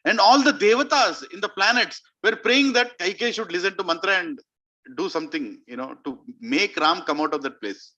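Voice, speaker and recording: A man preaching, telling a sacred story in an animated way and asking his audience questions. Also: high voice, moderate pace, muffled recording. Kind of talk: storytelling sermon.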